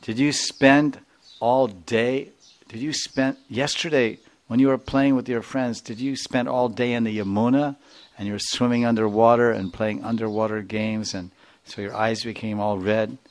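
A man's voice: medium pitch, steady tone, moderate pace. A man giving a sermon, telling a devotional story and explaining its terms. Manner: explains terms, laughs, acts out figures.

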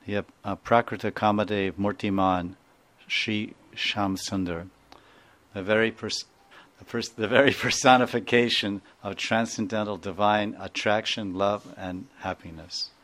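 A man's voice: lowish voice, fairly even intonation, measured pace, fairly bright tone. A man giving a devotional lecture, digressive and prone to laughing, who acts out sounds as he goes. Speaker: spiritual teacher.

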